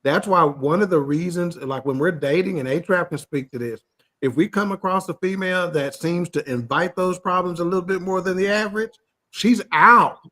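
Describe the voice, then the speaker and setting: A man co-hosts a podcast, talking at length to explain his views and laughing often. His voice is bright and slightly high. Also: moderate pace. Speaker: podcast co-host. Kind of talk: casual chat.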